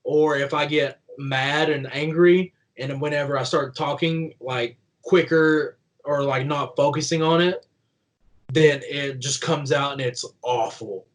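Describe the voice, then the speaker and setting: A man's voice: on the high side, steady tone, measured pace, poor audio. A young man from Kentucky with a light country twang, telling stories as a guest in a casual interview, rambling with lots of "like". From Kentucky, USA. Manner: rambling and chatty, full of "like", laughing while telling stories. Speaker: guest, professional wrestler.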